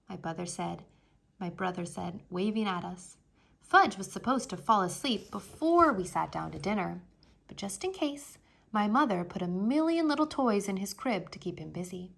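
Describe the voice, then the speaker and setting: A woman reading a children's chapter book aloud in an expressive storytelling way. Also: mid-range voice, normal speed, vocal fry.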